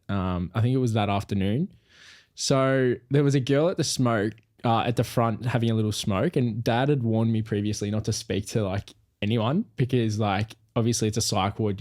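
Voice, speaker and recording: A man's voice: lowish voice, darkish tone. A young man, a podcast co-host telling a story casually and animatedly, acting out quoted voices.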